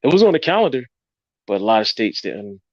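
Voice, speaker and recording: A man co-hosting a podcast, reminiscing in a relaxed way with many pauses and fillers. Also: medium pitch, no room sound, lo-fi sound. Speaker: podcast co-host. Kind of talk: casual chat.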